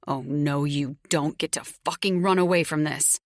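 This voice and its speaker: Lady doing a cold threatening guy in a romance audiobook, low and slow, dry sound. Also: steady tone, no room sound, natural voice. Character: menacing possessive young man, hard and cold.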